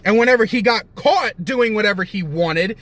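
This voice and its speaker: A man's voice: sits high, normal speed, a bit bright, no echo. A young man ranting in heated, profane, sarcastic commentary, often stopping to correct himself. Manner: rambling with self-corrections.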